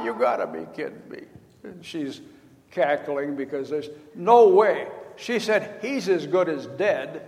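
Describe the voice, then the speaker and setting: A man's voice: high-pitched, vocal fry. An older man giving a sermon, retelling a story in a folksy way and acting out the quoted lines. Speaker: preacher. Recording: long hall reverb.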